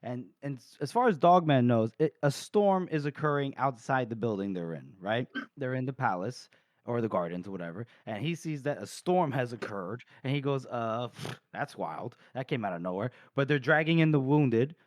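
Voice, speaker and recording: A man hosting a casual book-discussion podcast who rambles through a chapter recap, swears freely, laughs often and rushes through fast asides. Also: mid-range voice, lively intonation, no echo, studio quality. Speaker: podcast host.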